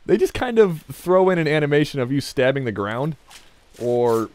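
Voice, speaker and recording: This let's play gamer has a slightly high, sing-song voice at normal speed, a little mellow in tone. He jokes and rambles through his gameplay commentary, talking back to the game, chuckling often and drifting into side remarks.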